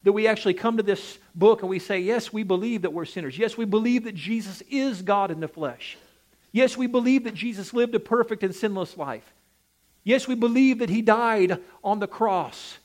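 High-voiced with a darkish tone, a man preaches a sermon at normal speed. He speaks in an emphatic, rising-and-falling cadence and frequently asks the congregation direct questions.

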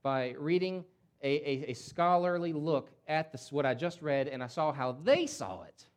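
Male pastor, somewhat high voice, passionate sermon delivery with big dynamic swings and rhetorical questions. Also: very animated, moderate pace. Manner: impassioned, surges loud and high, then drops to near-hush; emphatic repetition, rhetorical questions.

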